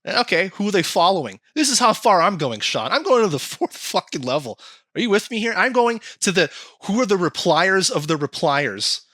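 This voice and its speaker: A man chatting casually on a podcast, animated and swearing often as he acts out quoted comments. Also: high voice, brisk, dry recording, studio quality. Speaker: podcast co-host.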